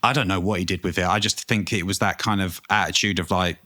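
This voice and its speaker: A man, a tattoo artist guest, telling stories in an animated, casual way and swearing freely. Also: low-pitched, fast talker. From England. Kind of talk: casual interview chat.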